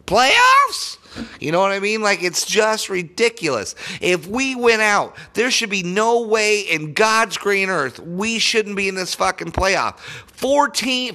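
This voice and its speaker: A man's voice: high-pitched, pushed and bright. A young man ranting as a sports podcaster, annoyed, sarcastic and heavy on profanity. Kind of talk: profane fan rant.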